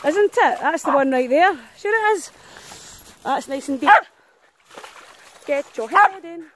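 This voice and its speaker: A woman's voice: very high-pitched, animated, unhurried, long pauses, noisy background. A woman vlogging as she walks a pack of dogs outdoors, chatting, teasing and calling out to them with frequent laughs. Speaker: professional dog walker. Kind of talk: casual vlog narration while walking dogs. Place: outdoors in snowy muddy countryside.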